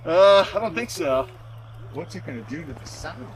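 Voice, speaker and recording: A man's voice: fairly high pitch, big pitch swings, normal speed, noisy background. A man, a drummer being interviewed outdoors in the snow, giving brief, laid-back, slightly hesitant answers. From Brooklyn area, USA.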